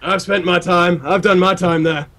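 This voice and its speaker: Playful high-voiced guest caster, a man. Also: fairly even intonation, moderate pace, bright, forceful tone. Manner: playful, mock-boastful. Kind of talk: joking banter.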